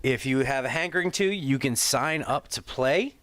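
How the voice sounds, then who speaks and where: A man's voice: medium pitch, animated, moderate pace, fairly bright tone. A man hosting a live stream, chatting casually with many fillers and apologies. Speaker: streamer commenting on a live event.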